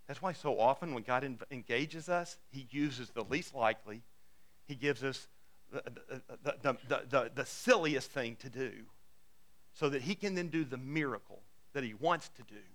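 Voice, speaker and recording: This pastor speaks at a normal pace with a fairly bright tone, preaching on a Bible story told in casual words. He plays out the characters' dialogue and brings his voice down when he makes the closing appeal.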